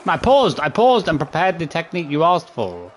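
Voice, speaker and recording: A man's voice: fairly high pitch, huge pitch swings, moderate pace, background noise. A man streaming a video game, exasperated, swearing and counting his button presses aloud. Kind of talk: live gameplay commentary.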